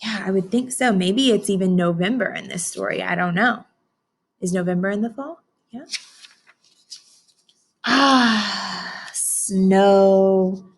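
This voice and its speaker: A woman teacher reading a picture book aloud to children, stopping to ask them questions and gently explain. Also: medium pitch, brisk, slight background noise.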